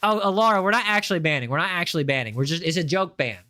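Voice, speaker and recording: A man's voice: sits high, lively intonation, racing, sharp tone, no echo, clean studio sound. A man streaming a game live, joking around and talking to his chat in a playful way. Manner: playful, jokey, chatting with viewers. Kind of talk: live gameplay commentary.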